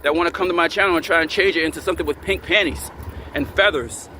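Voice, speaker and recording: A man's voice: a little high, quick pace, sharp tone, slight background noise. Angry man ranting at his camera. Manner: angry, repetitive and profane. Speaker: channel host.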